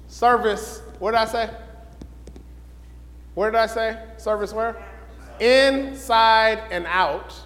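A man teaching a Bible lesson in sermon style, questioning the room and building to excited shouts. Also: high-pitched, slow pace, long pauses, long reverb tail.

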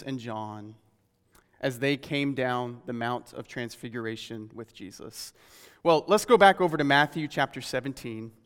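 A man preaching a sermon, reading scripture and explaining it in a measured, earnest way that slows on key phrases. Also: mid-range voice, a bit bright, smooth, long reverb tail.

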